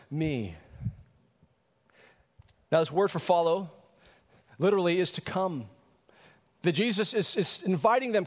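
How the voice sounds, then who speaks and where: A pastor with a high-pitched voice preaches to his congregation and leans hard on key words, stretching them out. His voice rings through a church sanctuary with a long, lingering reverb. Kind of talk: sermon.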